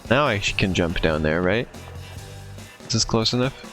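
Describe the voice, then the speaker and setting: A man streaming a video game, thinking aloud and reacting quickly as he plays. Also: lowish voice, expressive, a bit bright, faint music behind. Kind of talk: casual gameplay commentary.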